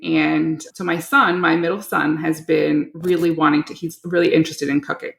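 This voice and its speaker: Gravelly-voiced woman in an echoey room. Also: fairly low pitch. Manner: chatty anecdotal storytelling. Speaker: podcast host. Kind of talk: casual chat. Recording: roomy echo.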